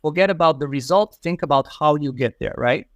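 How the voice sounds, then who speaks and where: Man, educator guest, reflective and repetitive, slightly high voice, dry sound. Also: fairly quick, fairly bright tone, no echo. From Morocco. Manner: reflective, repeats key phrases for emphasis. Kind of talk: casual interview conversation.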